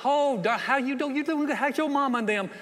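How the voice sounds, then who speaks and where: A man's voice: very high-pitched, a little fast, a bit bright, in a large hall, pitched above the performer's own voice. A man with a Southern US accent voicing a sweet-talking, gossipy Southern neighbor in an overly friendly, syrupy manner. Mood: sugary.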